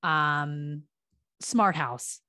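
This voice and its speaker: This woman co-hosts a podcast, chatting casually and laughing often. Her low, bright voice is forceful and extremely slow, recorded in a clean studio with no room sound.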